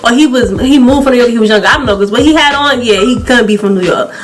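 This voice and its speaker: A young adult woman vlogger in a casual storytime, chatty and animated, often breaking into laughter. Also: fairly high pitch, quick pace, background noise.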